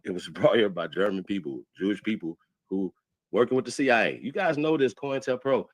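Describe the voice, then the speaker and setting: A man's voice: fairly low pitch, a little fast, no echo. A man hosting a livestream debate, talking over others and repeating himself insistently. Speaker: livestream host.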